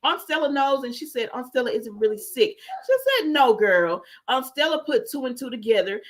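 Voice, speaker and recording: A woman's voice: on the high side, lively intonation, moderate pace. A woman hosting a casual livestream, recapping a soap opera episode, quoting the characters as she goes and answering viewer comments, with frequent laughs and fillers. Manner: laughs often, lots of fillers. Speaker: soap opera review host.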